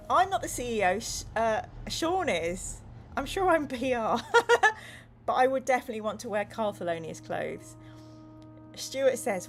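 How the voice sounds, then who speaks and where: A woman's voice: on the high side, lively intonation, measured pace, soft background music. A woman hosting a casual gamebook playthrough, reading viewer comments aloud in a playful tone and narrating the story with dramatic flair. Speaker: host playing a gamebook. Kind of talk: casual game playthrough chat.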